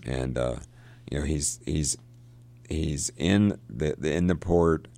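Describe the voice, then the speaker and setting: A man discussing a novel in casual talk, halting with many restarts and fillers, now and then reading passages aloud. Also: extremely low pitch, gravelly, dark tone. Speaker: literature discussant.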